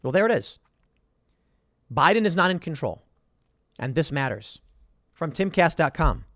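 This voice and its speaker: A man's voice: fairly high pitch, big pitch swings, unhurried, fairly bright tone, no room sound, studio quality. A man giving political commentary, reading headlines aloud and reacting to them with sarcastic emphasis.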